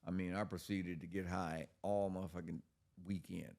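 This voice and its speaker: A man's voice: low voice, normal speed, gravelly. A man casually telling his recovery story on a podcast, profane and street-talking. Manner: profane, street-talking, animated when quoting. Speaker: podcast guest.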